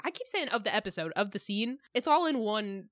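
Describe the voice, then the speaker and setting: A woman co-hosting a podcast rambles through her thoughts in casual chat, full of fillers. Her mid-pitched voice is recorded dry and close. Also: big pitch swings, brisk, fairly bright tone, dry recording. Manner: rambling, filler-heavy, laughs often. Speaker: podcast co-host.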